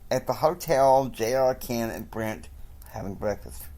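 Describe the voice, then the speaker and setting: A man casually retelling a family story, halting often and quoting each person with "he's like". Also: mid-range voice, expressive, dark tone. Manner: slow, halting, quotes characters with "he's like".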